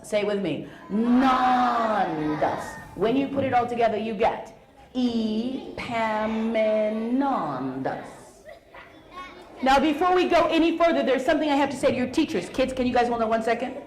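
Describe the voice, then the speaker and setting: A middle-aged woman storyteller speaking playfully and animatedly to an audience of schoolchildren in a school hall. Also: on the high side. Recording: roomy echo, faint hall noise.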